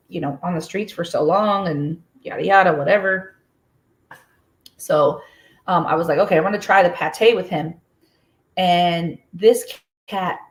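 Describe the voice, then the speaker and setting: An American woman chatting casually on her own livestream. She rambles through a story with many fillers and breaks off to welcome viewers by name. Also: lowish voice. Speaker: crochet livestream host.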